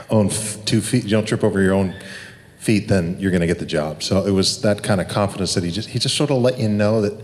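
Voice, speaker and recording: A man on a convention panel, relaxed while recounting advice he was given. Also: deep voice, fairly quick. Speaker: panel guest. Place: large convention hall. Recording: echoey hall from far off.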